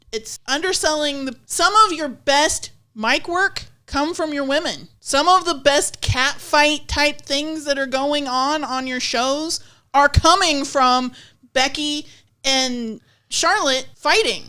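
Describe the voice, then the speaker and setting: Woman podcast co-host, high and bright, blunt exasperated rants. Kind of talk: casual wrestling chat.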